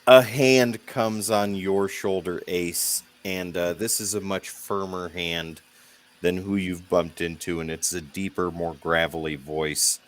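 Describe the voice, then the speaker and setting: A man narrating a tabletop game as game master in a relaxed, descriptive way. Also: low-pitched, takes it slowly.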